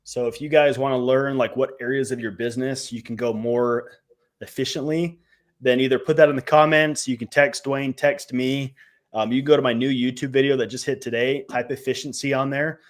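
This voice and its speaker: A young man talking through tips on a casual live stream. He speaks in a loose, filler-heavy way and lets his voice drop at the ends of phrases. His voice sits at a middling pitch. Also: fairly even intonation, fairly quick. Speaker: co-host, real estate trainer.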